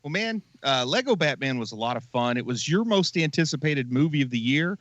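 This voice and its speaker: Man, podcast co-host, wry and opinionated, animated voice, dull lo-fi sound. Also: on the high side, brisk, dry recording. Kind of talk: casual podcast chat. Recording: slightly dull lo-fi audio.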